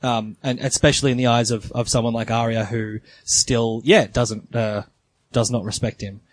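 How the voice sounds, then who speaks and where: A man's voice: medium pitch, fairly even intonation, normal speed. A man co-hosting a casual podcast chat, talking hesitantly with many fillers and restarts. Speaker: podcast co-host.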